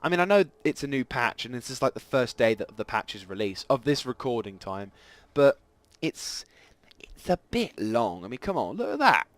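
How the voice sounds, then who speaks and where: A man's voice: medium pitch, normal speed, no echo. Chatty man commentating a game. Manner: rambling, chatty and self-deprecating, with sudden excited outbursts. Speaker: gameplay commentator. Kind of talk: casual live gameplay commentary.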